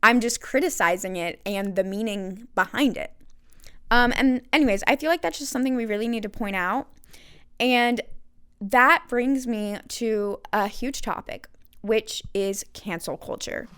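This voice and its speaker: Young American woman, solo podcaster, candid and musing, clear smooth tone, a touch high. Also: a little slow, a bit bright. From United States. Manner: candid, thinking aloud with many ums and likes. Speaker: podcast host.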